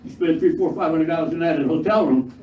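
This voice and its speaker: An older man performing a stand-up routine on stage, gruff and profane with punchy, jumpy delivery. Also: a little high, fast talker, darkish tone. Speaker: stand-up comedian. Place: live comedy club stage. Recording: echoey live room, mic far, crowd noise. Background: audience laughter.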